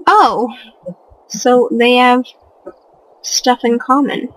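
A woman's voice: on the high side, steady tone, very slow, a bit bright, low-quality recording. A young woman giving casual let's play commentary on a life simulation game, reacting with gasps and squeals. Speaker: gaming video creator.

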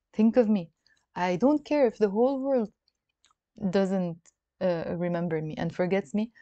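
Female teacher, patient and repetitive, mellow tone, dry slightly dull recording. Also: medium pitch, no echo. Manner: explains slowly, repeats phrases, switches between languages. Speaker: Arabic teacher. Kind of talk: song-based language lesson.

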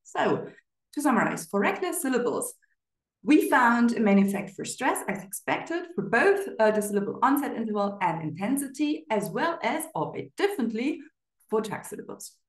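A woman's voice: a little high, very animated. Academic woman presenting research, roomy echo. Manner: measured, with frequent filler pauses. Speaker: conference presenter.

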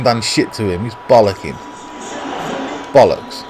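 A man with a lowish voice and British accent, a gaming YouTuber from Britain, talks at a moderate pace over background noise. He's commentating live on his football video game, frequently swearing and frustratedly talking to himself.

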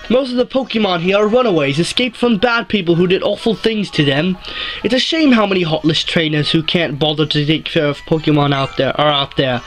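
A chummy, easygoing gym leader, as a man puts him on in a wobbly mock Australian twang, pitched well above a normal speaking voice. He is buddy-like and calls everyone mate, like a video game character read aloud. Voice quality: clumsy put-on Australian accent. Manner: calls people mate and blokes. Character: friendly male gym leader, laid-back and chummy.

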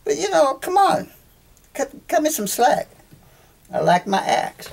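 Creaky-voiced guy doing a solo podcast, chatty and jokey, keeps cutting himself off. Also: extremely high pitch, sing-song, measured pace. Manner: chatty, jokey, self-interrupting. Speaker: podcast host. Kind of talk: rambling solo monologue.

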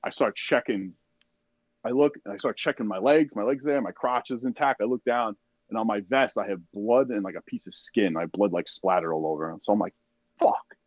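A man with a low voice recounts a war story as a podcast guest. He is casual and profane, acts out the shouts of the people around him, and fills his speech with "like" and "you know". The recording is dry and a little dull. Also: a little fast, no room sound. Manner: profane, animated retelling with acted-out quotes; heavy use of "like" and "you know". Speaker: podcast guest, army veteran.

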